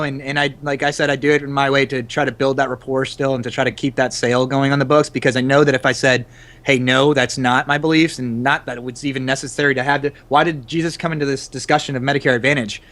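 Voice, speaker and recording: A young man and father of two, chatting casually on an online call in a halting way, thinking aloud with frequent restarts. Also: medium pitch, steady tone, a bit bright. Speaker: podcast co-host, father of two. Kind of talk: casual group chat over a voice call. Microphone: computer mic on an online call.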